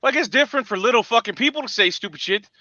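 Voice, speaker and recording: A man hosting a morning livestream, swearing through angry, shouting tirades. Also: extremely high pitch, lively intonation, fast talker, no room sound, lo-fi sound. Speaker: host. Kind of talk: profane morning livestream rant.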